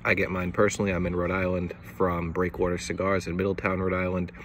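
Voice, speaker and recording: A man's voice: low-pitched, little pitch movement, quick pace, a little hiss or hum. A man giving a casual, laid-back video review who repeats words and swears offhandedly. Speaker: cigar reviewer.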